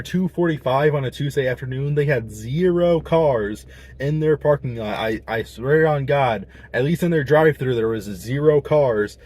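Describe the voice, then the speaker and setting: A man's voice: mid-range voice, darkish tone. A young man, chatting casually and rambling to camera in a vlog, full of slang and restarts. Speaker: vlogger.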